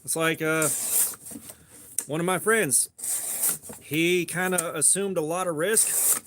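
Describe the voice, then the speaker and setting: A man's voice: fairly high pitch, fairly even intonation, takes it slowly, a bit bright, a little hiss or hum. Rambling American man in his forties. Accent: fairly neutral American. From Georgia, US. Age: 40s. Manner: rambling, loose, hesitant with fillers. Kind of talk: casual chat.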